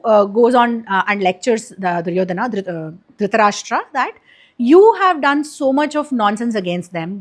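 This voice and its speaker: A woman casually retelling an epic for kids, chatty and explanatory, with many fillers and restarts. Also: fairly high pitch. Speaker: storyteller, channel host.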